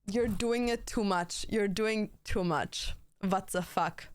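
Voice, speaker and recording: A woman's voice: medium pitch, slow pace. A young adult woman streamer chatting casually and bluntly with her viewers, swearing often and talking straight to chat.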